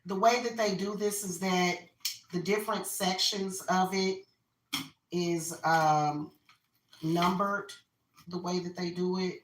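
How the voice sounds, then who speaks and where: A woman's voice: lowish voice, fairly even intonation, slow pace, pauses often, recorded from a distance. A woman venting her opinions in a casual rant while she carves a pumpkin. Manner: opinionated, venting, repeats herself. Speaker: spiritual reader and vlogger. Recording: roomy echo, voice off-mic.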